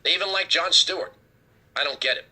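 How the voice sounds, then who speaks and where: Male talk host, high and sharp-toned, husky, ranting with sarcasm. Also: a little fast. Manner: heated, sarcastic, emphatic. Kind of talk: political commentary rant.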